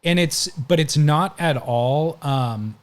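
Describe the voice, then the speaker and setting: A man's voice: a little high, slow. Man telling a long story on a podcast. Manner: recounting stories at length, conversational. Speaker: podcast host. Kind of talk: casual podcast chat.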